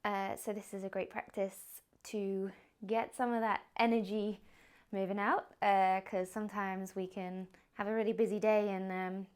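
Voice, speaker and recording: A young woman teaching a yoga class, giving calm, gently encouraging cues. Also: mid-range voice, normal speed, clean tone. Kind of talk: guided yoga instruction.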